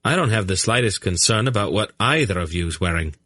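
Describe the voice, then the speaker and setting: A man voicing a brisk, impatient young king who gives orders and dry, sarcastic remarks. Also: lowish voice, lively intonation, a bit bright, husky, no echo. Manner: brisk, dryly sarcastic, commanding.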